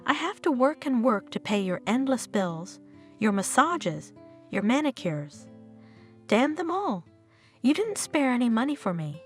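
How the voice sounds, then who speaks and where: A woman's voice: fairly high pitch, big pitch swings, measured pace, faint music behind. A woman reading the part of a resentful, short-tempered married man. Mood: angry. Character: irritable married man, grown son.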